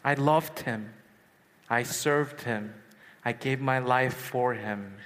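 A man in his thirties preaching a sermon at a youth retreat, telling a personal story with swings from hushed to excited. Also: mid-range voice, takes it slowly. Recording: long hall reverb.

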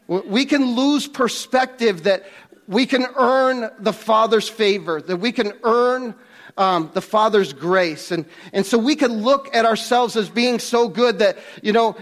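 A man preaching a sermon as pastor, emphatic and earnest, rising on key points and often restarting his words. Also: high voice.

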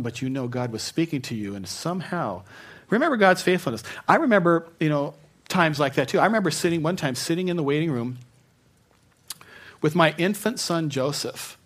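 A middle-aged man preaching a sermon, telling personal stories, dropping to a hush and then rising to fervent emphasis. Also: medium pitch, husky. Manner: personal storytelling, swings from hushed to fervent. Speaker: pastor.

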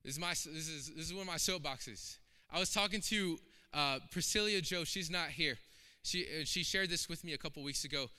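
Male preacher, high and very bright voice, urgent and repetitive delivery, long church-hall reverb. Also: a little fast, clean tone. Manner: emphatic and impassioned, with repeated phrases. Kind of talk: sermon. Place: church sanctuary.

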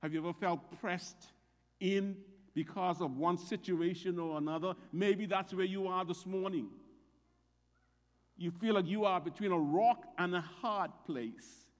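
A man's voice: high voice, a little slow, long reverb tail. A man preaching a sermon as pastor, reading scripture aloud with emphatic rises on the quoted lines.

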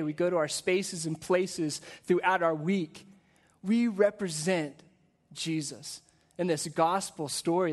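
A pastor with a high-pitched voice gives a conversational sermon, piling rhetorical questions on top of each other. When he reaches the weighty points, he drops into a soft, slow delivery.

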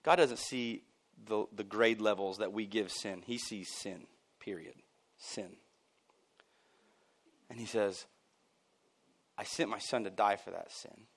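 A man preaching a sermon at a church service, emphatic and casual, jumping from loud bursts down to near-quiet lines and dropping in chuckling asides. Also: fairly low pitch, slow pace, pauses often. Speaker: pastor.

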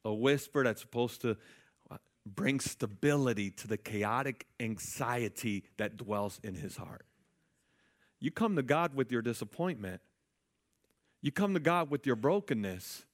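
A man's voice: mid-range voice, expressive, unhurried. Man preaching an emphatic sermon. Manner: emphatic, calls out to the congregation. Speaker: pastor.

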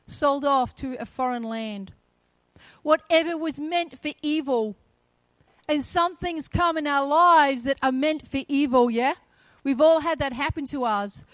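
A woman's voice: high-pitched, no room sound, low-quality recording. A woman preaching a sermon, telling the story dramatically and acting out the voices in it.

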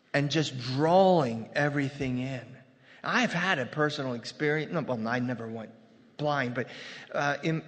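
Man, pastor, conversational sermon, humorous asides, mid pitch, reverberant church. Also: a bit bright. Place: church sanctuary. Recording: long hall reverb.

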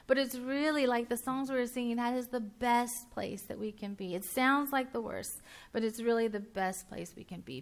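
A woman preaching in a relaxed, chatty way, as if she were talking with friends. She trips over her own words, starts sentences again and laughs easily with her listeners. Her voice sits at an ordinary middle pitch. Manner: chatty, with filler words and quick restarts; laughs easily and banters with the audience. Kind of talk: casual conversational sermon.

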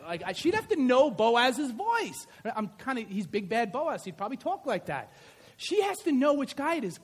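A male preacher with a high, light voice delivers a sermon. He tells it like a story, acting out the scenes as he goes. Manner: animated storytelling, acts out scenes.

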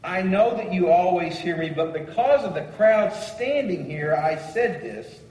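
Guy preaching in a church, kinda high voice, echoey hall, mic far off. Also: expressive, measured pace, a little mellow. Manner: reads scripture and comments with varied emphasis. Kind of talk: sermon.

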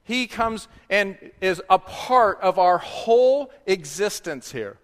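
A man preaching a sermon, sometimes dropping to a soft, hushed voice. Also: high-pitched, animated, takes it slowly, big-room sound. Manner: drops to a soft, hushed voice for quiet reflection. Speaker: pastor.

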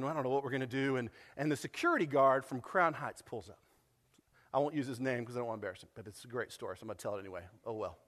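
A high-pitched man preaching in a church, telling a story with animated voices for each person he quotes. His voice rings with the long reverb of a large hall. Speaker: pastor. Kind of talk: sermon. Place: church sanctuary.

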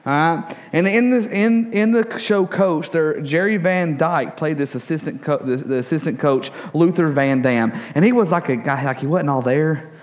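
A man's voice: a little high, normal speed, few pauses. A young adult man preaching a casual sermon, telling stories with jokes and lots of fillers. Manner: casual, joking, animated storytelling with many fillers. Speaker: pastor.

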